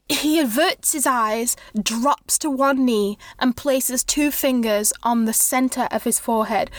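A woman's voice: high voice, a little slow, few pauses, no echo, clean studio sound. A woman narrating a tabletop game as game master in a casual, loose way.

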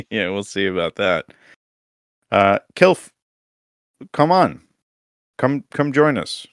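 A man's voice: lowish voice, very animated, takes it slowly, no room sound, studio quality. A man co-hosting a casual podcast, recapping league results with teasing, crude jokes. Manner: joking, teasing, crude humor. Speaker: podcast co-host.

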